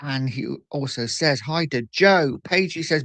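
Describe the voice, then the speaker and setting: At a desk mic with no echo, a man hosts a casual morning livestream, chatting and reading out viewer messages. His voice is on the high side and a bit bright, and he speaks at a measured pace.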